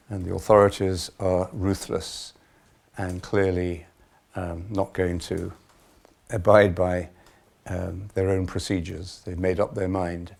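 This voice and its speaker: A man leading a spiritual retreat as a monk, speaking in a measured, thoughtful way with pauses and fillers. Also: sits low, gravelly, a little mellow. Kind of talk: reflective spiritual retreat talk.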